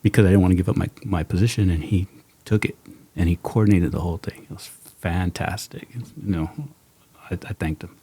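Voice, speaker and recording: A man's voice: low voice, brisk, breathy edge, no room sound. A middle-aged man hosting a podcast, telling stories in a casual chat, acting out quotes and laughing often. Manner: animated storyteller, acts out quotes, laughs often.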